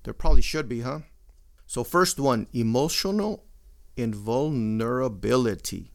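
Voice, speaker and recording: A middle-aged man, his voice gravelly with fry. He talks in a casual, blunt monologue full of swearing and Spanish slang. His pitch sits in an ordinary middle range. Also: moderate pace. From Mexican-American. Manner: profane, blunt, mixing Spanish slang into English.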